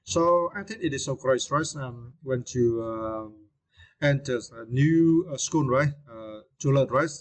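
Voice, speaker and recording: A man in the middle pitch range gives an English vocabulary lesson, pausing often on fillers and checking in with tag questions. He says each word again and again, slowly, to show where its stress falls. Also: rough recording. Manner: repeats words slowly to model stress.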